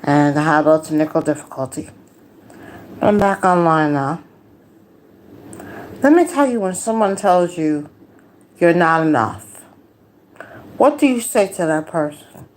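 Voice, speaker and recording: A woman losing her voice, livestreaming a casual personal talk in a slow, confiding way with preachy asides. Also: low-pitched, expressive, slight background noise. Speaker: livestream host.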